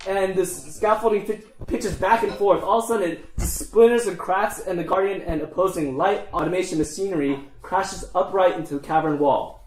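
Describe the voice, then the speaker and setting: A man narrating as game master of a tabletop game, halting and full of fillers and restarts. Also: high voice. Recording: echoey room.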